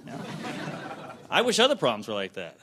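A man's voice: mid-range voice, huge pitch swings, fairly quick. A young man doing a casual stand-up comedy set, chuckling at his own jokes. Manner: casual, self-amused, laughs at own jokes. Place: comedy club stage. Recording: live comedy club, audience laughter and noise. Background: audience laughter.

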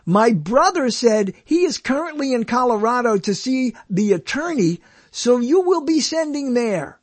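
A man's voice: very high-pitched, very animated, a little slow, dry recording, heavily acted. A man voicing a pushy woman romance scammer who speaks in clipped, broken English and keeps pressing for money. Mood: wheedling.

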